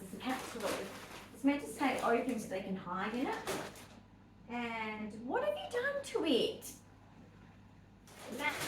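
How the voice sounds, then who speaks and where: A woman's voice: mid-range voice, noisy background. Chatty Australian woman vlogging at home. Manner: chatty, rambling, with fillers and asides. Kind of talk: casual chat to camera. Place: at home, walking between rooms.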